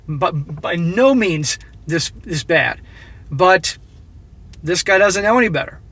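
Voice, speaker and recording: Man, high-pitched voice, blunt, opinionated, reads a story and comments on it. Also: lively intonation, slow, fairly bright tone. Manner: blunt, opinionated, addresses viewers directly. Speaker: relationship advice commentator. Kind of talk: reading a story aloud with commentary.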